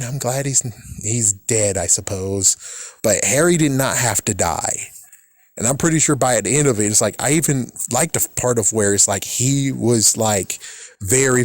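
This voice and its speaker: A man talks loosely and at length, often annoyed and quick to swear. His voice sits at an ordinary pitch. The sound is dry and close, with no room echo. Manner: rambling, exasperated, swears often. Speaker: vlogger. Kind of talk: casual rambling film commentary.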